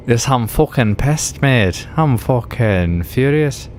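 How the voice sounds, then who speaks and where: A drunk man from Melbourne, Australia, with an Australian accent, streams a driving game while chatting in a rambling, sweary way and laughing often. His mid-range voice is very animated, slow, and darkish in tone, with a little hiss or hum in the audio.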